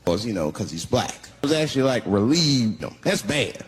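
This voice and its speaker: Casual male stand-up with a lively voice. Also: medium pitch, normal speed. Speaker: stand-up comedian. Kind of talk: stand-up storytelling.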